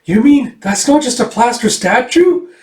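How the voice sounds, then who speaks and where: A man's voice: very high-pitched, expressive, moderate pace, a little hiss or hum, voice pushed up. A man voicing a brash, desperate young man in a raised, strained voice, in an echoey room. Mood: alarmed. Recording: echoey room, far from mic.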